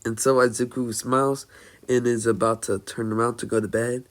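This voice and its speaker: A man improvising a fan-fiction story as narrator, halting often with fillers and restarts. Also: medium pitch, flat delivery.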